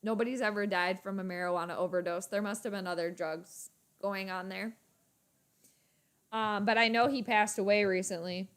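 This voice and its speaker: A young adult woman hosts a casual live reaction stream, chatting with viewers and reading their comments aloud. She breaks into bursts of excitement at the game. Her voice is mid-range, smooth, and moderately paced.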